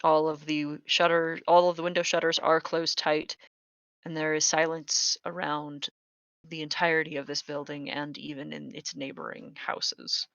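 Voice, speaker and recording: A man narrating a tabletop game as game master, halting with many fillers. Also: a little high, level tone, vocal fry, a bit bright, smooth, dry recording. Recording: dull lo-fi mic.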